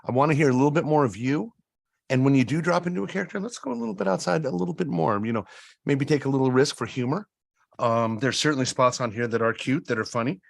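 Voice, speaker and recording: A man casting director gives a contestant measured, pausing critique. His voice is mid-pitched and plain, recorded dry and close. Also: animated, gravelly, dry recording. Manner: measured critique with many pauses and "um"s. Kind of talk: live feedback to a contestant.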